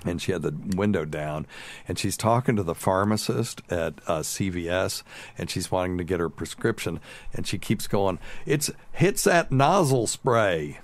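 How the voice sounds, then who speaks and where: A man's voice: low voice, normal speed. A man hosting a casual podcast as a doctor, telling loose, chatty stories and laughing often.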